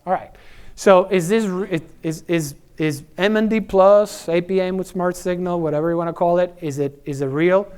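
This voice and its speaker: Presenting at a conference, this middle-aged man, an energy services executive, has a high-pitched, darkish, smooth voice and a moderate pace. He keeps things conversational, leaning on fillers, tag questions and words said twice.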